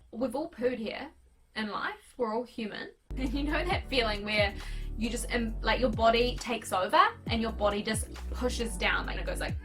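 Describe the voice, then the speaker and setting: A woman in her twenties with a New Zealand accent, candidly retelling a personal story to camera in a chatty, animated way. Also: mid-range voice. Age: 20s. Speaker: vlogger.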